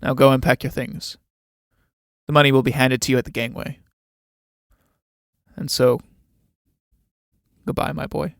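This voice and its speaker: A man's voice: mid-range voice, little pitch movement, a little slow, creaky, long pauses, dry recording, clean studio sound. A man playing a domineering middle-aged army captain with a patronizing, overbearing manner.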